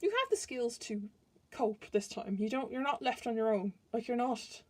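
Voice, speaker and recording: A woman's voice: a little high, sing-song, moderate pace. Chatty woman giving a tarot reading. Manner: chatty, rambling, restarts sentences. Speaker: tarot reader.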